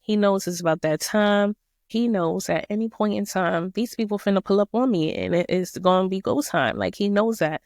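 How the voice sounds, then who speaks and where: Woman host chatting about scripture, slangy and emphatic, a bit gravelly. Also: medium pitch, animated, moderate pace, darkish tone, no echo, clean studio sound. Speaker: podcast host. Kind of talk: casual Bible study talk.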